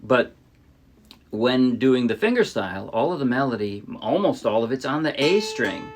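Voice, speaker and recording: A middle-aged man from the New Jersey area teaching ukulele in a relaxed way, often restarting his sentences and singing short demo lines. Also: medium pitch, normal speed, soft background music. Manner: relaxed, explains with restarts and sung demos. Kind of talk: casual music tutorial. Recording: ukulele playing behind.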